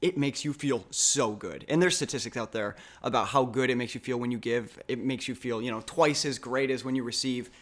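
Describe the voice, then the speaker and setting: A male podcast host with a mid-pitched voice speaks in an earnest, upbeat way. He talks casually into a studio mic and picks up speed when he gets excited. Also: a little fast, few pauses.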